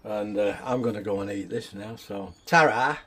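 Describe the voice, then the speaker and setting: Rambling home cook, male, warm mellow tone, easygoing vlogger chat. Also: lowish voice, flat delivery, fairly quick, slightly rough. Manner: rambling, chatty and down to earth. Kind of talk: casual chat.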